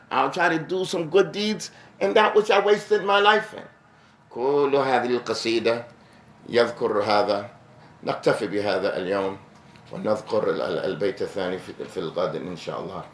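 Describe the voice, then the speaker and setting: A man teaching a mosque lesson, reciting Arabic verses quickly and then explaining them in English with rising emphasis. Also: mid-range voice. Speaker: imam teaching a class. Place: mosque hall. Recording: echoey mosque room.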